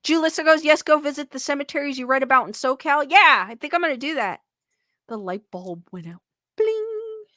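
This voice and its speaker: A woman's voice: high voice, lively intonation, brisk, sharp tone, no room sound, clean studio sound. A woman in her late thirties hosting a live stream, reading viewers' comments aloud and chatting casually, giggling often and breaking into playful sing-song jokes.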